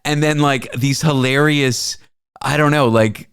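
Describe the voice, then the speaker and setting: A man's voice: medium pitch, steady tone, unhurried, fairly bright tone, smooth, no room sound, clean studio sound. A man hosting a comedy talk show, telling a story in a rambling, self-mocking way and laughing often. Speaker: host. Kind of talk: casual comedic chat.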